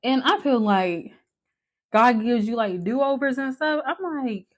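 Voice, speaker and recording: A woman's voice: fairly high pitch, a little slow. Young woman, casual vlogger, candid and chatty, swears freely, lots of fillers, talking while doing makeup at home.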